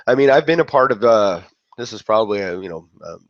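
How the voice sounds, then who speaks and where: In a dull, dry lo-fi recording with no room sound, a man speaks quickly and expressively in a lowish voice. His motivational talk is casual and rambling; he cuts himself off and performs the reactions of others.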